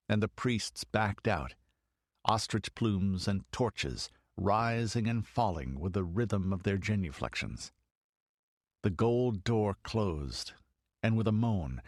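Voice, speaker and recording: A male narrator reads a fantasy audiobook in a measured, steady way. His voice sits low. The recording is dry and close, with no room sound. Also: no room sound. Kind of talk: scripted narration.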